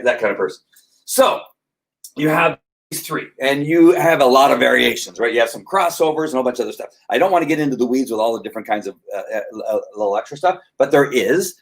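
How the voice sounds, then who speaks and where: A middle-aged man who trains dogs, teaching casually at a whiteboard and acting out dogs and people in quick voices. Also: medium pitch, expressive. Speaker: dog trainer.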